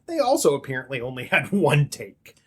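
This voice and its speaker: A man's voice: medium pitch, huge pitch swings, a little fast, a bit bright, breathy edge. A man co-hosting a podcast, chatty and joking in casual talk. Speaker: podcast co-host. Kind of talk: casual chat.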